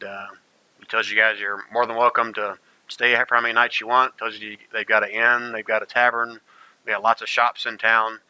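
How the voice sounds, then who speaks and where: A man's voice: lowish voice, pushed and bright, no room sound, low-quality recording. A man narrating as game master, rambling with many fillers.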